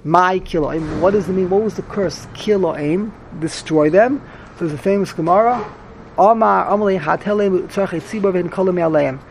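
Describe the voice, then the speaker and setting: A man's voice: sits high, normal speed, gravelly, slight background noise. A man teaching a Talmud class, repeating himself animatedly and mixing English with Hebrew and Yiddish terms.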